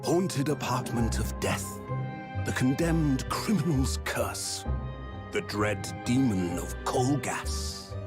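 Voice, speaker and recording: An actor narrating a Victorian mystery with ornate, solemn, theatrical delivery. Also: male voice, medium pitch, slow pace, over loud music, close to an everyday voice. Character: male storyteller recounting a Victorian mystery. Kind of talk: dramatic period narration.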